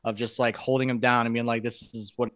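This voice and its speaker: A man's voice: medium pitch, little pitch movement, fast talker, fairly bright tone. A man from Iowa, a metal band member, talking bluntly and swearing freely as a podcast guest. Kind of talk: casual interview chat.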